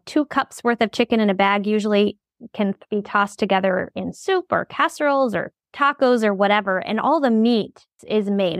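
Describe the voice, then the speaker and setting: A woman's voice: medium pitch, no room sound. A middle-aged woman co-hosting a casual chat, talking in a practical way and summing up the points.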